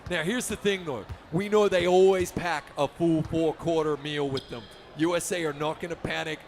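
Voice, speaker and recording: A man giving energetic, upbeat play-by-play for a basketball video game tournament, often shouting the big plays. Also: on the high side, normal speed, slight background noise. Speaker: esports commentator.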